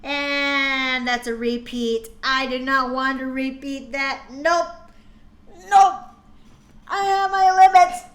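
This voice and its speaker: A woman's voice: sits high, fairly even intonation, slow. A woman streamer reading a story aloud for laughs, with exasperated, mocking asides. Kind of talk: comedic dramatic reading with commentary.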